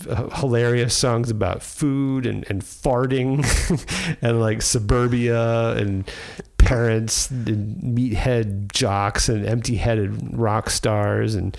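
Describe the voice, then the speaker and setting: A man's voice: mid-range voice, steady tone, takes it slowly, gravelly, darkish tone. A man hosting a podcast in a casual chat, talking in a rambling, enthusiastic way with many fillers. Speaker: podcast host.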